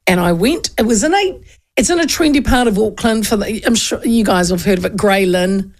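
A woman with a New Zealand accent, a radio host telling a chatty, animated story and putting on voices for the people in it. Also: medium pitch, fairly quick. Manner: animated, chatty, acts out voices in her stories. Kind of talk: casual storytelling chat.

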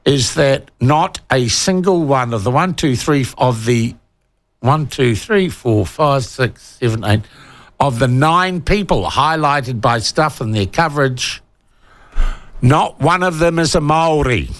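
A man's voice: medium pitch, animated, slow pace, no echo. A man with a New Zealand accent hosting talkback radio, blunt and sarcastic, reading out listener texts. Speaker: radio talk show host.

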